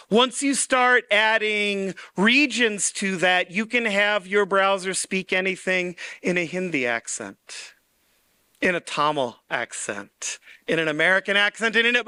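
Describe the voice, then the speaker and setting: A man giving a tech conference talk in a playful style, full of puns and quick asides. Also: sits high, sharp tone, smooth, dry recording. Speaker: conference speaker.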